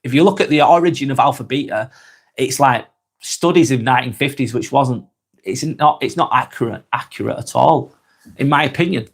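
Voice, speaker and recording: A man from northwest England with a Lancashire accent, talking calmly on a live stream, reading out viewer comments and musing with frequent repeats and restarts. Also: medium pitch, fairly quick, vocal fry. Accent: Lancashire English. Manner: calm, musing, repeats words and restarts often.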